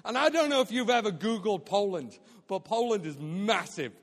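A man with a high, bright-pitched voice preaches a story-driven sermon, joking and acting out his own quotes with lively energy. He was recorded live in a church hall, and his voice carries a long reverb tail. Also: moderate pace. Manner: animated, jokey, acts out quotes. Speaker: guest speaker at a church. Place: church auditorium.

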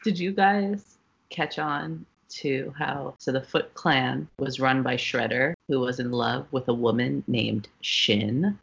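Brief: co-host, quick laughs, gravelly rasp, dull lo-fi audio. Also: medium pitch, fairly bright tone. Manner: laughs often, short reactions. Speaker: podcast co-host. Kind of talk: casual chat.

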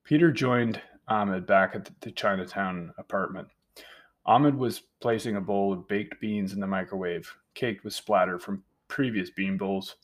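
A man narrating an audiobook in a plain, steady reading voice. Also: low-pitched, unhurried.

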